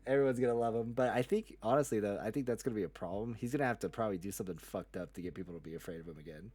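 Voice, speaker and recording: A man's voice: lowish voice, racing, a little mellow. A man co-hosting a casual manga chapter review, loose and profane, acting out characters in quoted lines. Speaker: podcast co-host.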